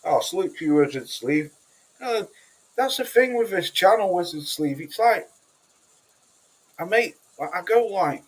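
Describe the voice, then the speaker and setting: On a low-quality recording, a livestream host from Cheshire, England, talks in a high, husky, animated voice that runs a little slow with frequent pauses. Reading comments and chatting casually with viewers, he's blunt, sweary, rambling and keeps starting over.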